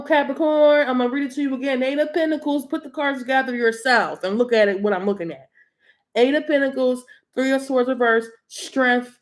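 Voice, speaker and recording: Woman tarot reader, slightly high voice, blunt and profane, laughs between points. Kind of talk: casual tarot reading rant.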